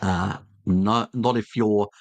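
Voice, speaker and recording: A low-pitched Australian man hosts a casual live stream, answering his chat bluntly and with plenty of jokes. He rambles along with lots of ums and uhs. His voice sounds dry and close, with no room echo. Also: fairly even intonation, slow pace. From Tasmania, Australia. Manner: blunt, joking, rambling with fillers.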